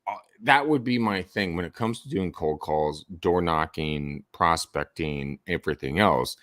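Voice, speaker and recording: A man giving sales advice as a podcast guest, animated and swinging his voice up and down for emphasis. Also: deep voice, measured pace, no room sound, clean studio sound. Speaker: real estate sales coach.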